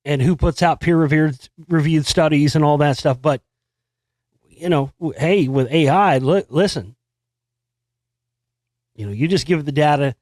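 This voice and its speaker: A man hosting a talk show in a slightly high voice, recorded dry and close. He rambles through news stories with sarcastic, profane asides. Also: normal speed, long pauses, darkish tone, no room sound. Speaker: host. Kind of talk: casual monologue commenting on news.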